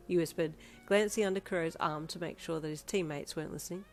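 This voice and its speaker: A woman reads a second-person fanfiction story in a fairly low voice, lively and expressive. A faint music track runs under her. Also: quick pace. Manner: lively, expressive dialogue reading. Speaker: fanfiction narrator.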